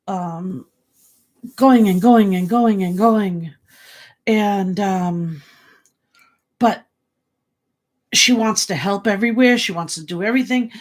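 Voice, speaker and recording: Slow halting woman psychic. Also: medium pitch. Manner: halting, many fillers and repeats. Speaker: psychic medium. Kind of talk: livestream reading, casual chat.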